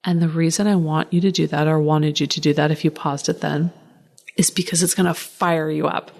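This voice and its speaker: A woman hosting a solo podcast, talking in an animated way, ranting at times and laughing often. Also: sits low, fairly quick, gravelly. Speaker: podcast host.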